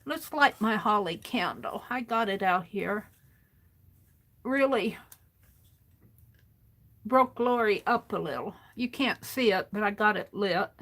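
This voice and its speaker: On a casual crafting stream, a woman with a medium-pitched, fairly bright voice talks to herself as she works. She's unhurried and mumbling, sometimes wandering away from the mic.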